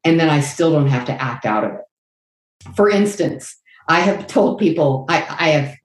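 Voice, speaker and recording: A woman's voice: low-pitched, expressive, measured pace. A middle-aged woman answering an interview question in an earnest, candid way, acting out quotes of her own past words. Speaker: guest. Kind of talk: faith-based interview answer. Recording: echoey room.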